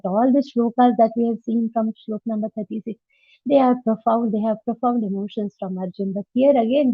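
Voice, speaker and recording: Indian English woman, scripture teacher, fairly high voice, emphatic and repetitive; thin phone-like sound, dry. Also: slightly rough, dry recording. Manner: emphatic, repeats points, asks rhetorical questions. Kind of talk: devotional scripture class. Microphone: online class over a call. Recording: tinny phone-like line, dry.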